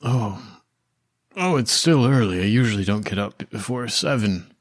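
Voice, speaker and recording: Courteous old-style manservant, guy doing it at the table, slow polite way of talking, dry close sound. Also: fairly low pitch, animated, dry recording. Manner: courteous, deferential, unhurried. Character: polite male estate servant, calm and obliging.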